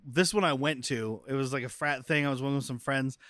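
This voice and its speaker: A man's voice: mid-range voice, a little fast, a bit bright, no echo, clean studio sound. A man co-hosting a podcast, recapping film scenes in casual chat and acting out the characters' lines. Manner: recaps scenes, acts out quotes. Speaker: podcast co-host. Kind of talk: casual movie-riffing chat.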